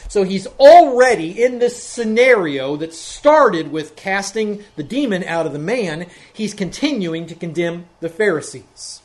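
A man's voice: high voice, darkish tone. Methodical male pastor preaching verse by verse. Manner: methodical, walks through verses one by one. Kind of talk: expository sermon.

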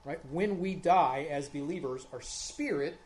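A man preaching a sermon, earnest and conversational, rising loud when he reads scripture. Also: fairly high pitch, measured pace. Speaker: pastor.

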